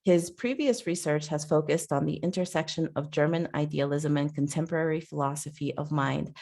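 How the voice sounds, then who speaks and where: Low gravelly woman hosting a video call. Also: fairly quick, a little mellow. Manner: stumbling over words, with fillers. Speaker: host introducing a speaker. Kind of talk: reading an introduction on a video call.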